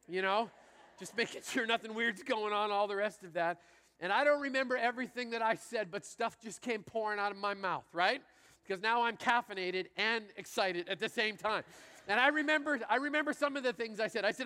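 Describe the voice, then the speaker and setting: A man preaching as a pastor, telling a story in an energetic, chatty, self-deprecating way. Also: high-pitched, moderate pace. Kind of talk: sermon with storytelling. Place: large church hall. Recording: church hall reverb.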